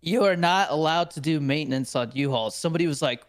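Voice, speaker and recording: A young man co-hosting a podcast talks fast in a slightly high voice, telling stories animatedly. Laughter comes often, along with swearing and acted-out quotes, all in a casual conversation.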